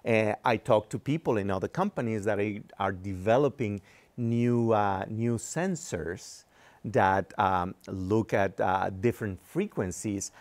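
Patient, measured man explaining technical topics. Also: lowish voice. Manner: patient explaining, frequent fillers. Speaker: engineering executive guest. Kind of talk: explaining in an interview.

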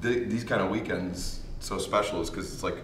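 A man hosting a casual interview, talking quickly and swearing casually, recorded in a room. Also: low voice. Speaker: interview host. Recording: roomy, distant mic, faint noise.

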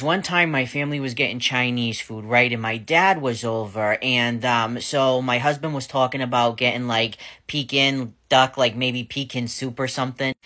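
A man's voice: medium pitch, normal speed, hardly any pauses, pushed and bright. A man telling a funny family story to camera in a chatty, self-mocking way, laughing and swearing casually as he goes.

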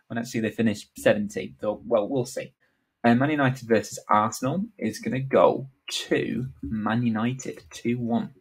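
A man's voice: mid-range voice, steady tone, moderate pace, slightly rough, poor audio. A male vlogger talking casually through sports predictions, offhand and joking, with lots of "um" and "uh". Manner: offhand, joking, many fillers.

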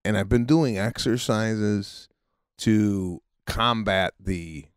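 A man co-hosting a podcast in casual chat, telling stories in an animated way and acting out what people said. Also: lowish voice, slow pace, clear, resonant tone, no room sound, studio quality. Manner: animated storytelling, acts out quotes, swears. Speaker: podcast co-host.

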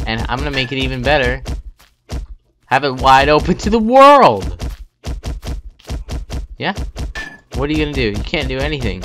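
A man's voice: medium pitch, fairly bright tone. A young man giving casual gameplay commentary, taunting other players and laughing often. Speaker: gaming YouTuber. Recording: faint game noise behind.

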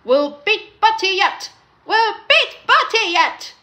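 A woman's voice: very high voice, very animated, slow pace, sharp tone, pitched above the performer's own voice, exaggerated voice. A woman voicing two anxious female train coaches who chant their words in a sing-song way.

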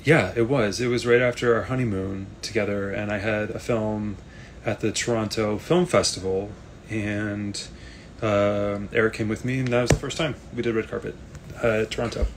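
A man answers fan questions on a casual live video stream, reading comments aloud in an easygoing, rambling manner. His voice is low and gravelly, with a faint hiss beneath it. The delivery is chatty and unhurried. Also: fairly even intonation.

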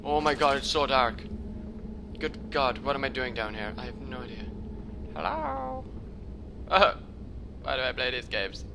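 A young man giving casual gameplay commentary as a let's play host, joking, swearing often and reacting loudly when startled. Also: medium pitch, very animated, a little slow, vocal fry, pauses often, background noise. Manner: jokey, swears a lot, loud startled reactions.

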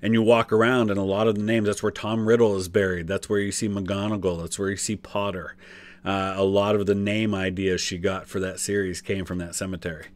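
A man with a fairly low voice talks loosely through a reaction video, explaining as he goes. He stops and restarts often and fills pauses with little hesitations. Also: level tone. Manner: chatty, filler-heavy, explanatory. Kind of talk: casual commentary.

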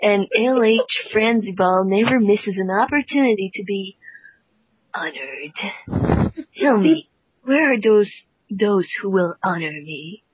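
A woman's voice: medium pitch, expressive, breathy edge, no room sound. Woman playing a pompous vain male artist. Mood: haughty. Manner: haughty, disdainful, slow deliberate delivery. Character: pompous self-important male comic artist. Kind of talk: comic read-through over a call. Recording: dull lo-fi call audio.

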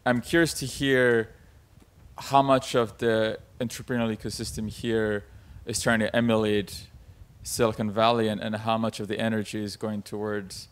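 A man with a lowish voice puts questions to the panel at a festival, speaking in a level, measured tone. His delivery stays flat and unhurried. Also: clean tone. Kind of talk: panel discussion. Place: festival stage.

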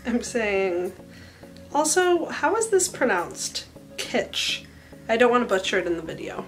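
A woman's voice: a little high, big pitch swings, moderate pace, soft background music. A woman in her twenties, a hairstylist chatting casually in a bubbly, self-mocking way for a vlog. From Central Illinois. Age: 20s.

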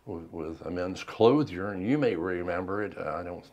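An older man, a veteran, recounting his life in an oral history interview, unhurried and reflective with frequent pauses. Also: deep voice, a little mellow.

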